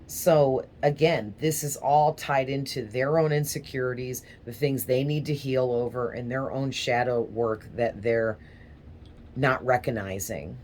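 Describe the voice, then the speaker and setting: A woman's voice: a bass voice, measured pace, a little mellow, a little hiss or hum. A woman giving a casual tarot reading, talking in a rambling, hesitant way with small stutters. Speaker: tarot reader.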